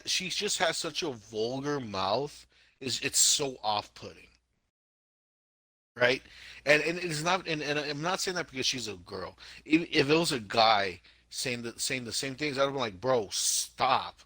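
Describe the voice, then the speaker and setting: A man co-hosting a casual podcast chat, talking in an animated, emphatic way and repeating himself for effect. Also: mid-range voice, dry recording. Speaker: podcast co-host.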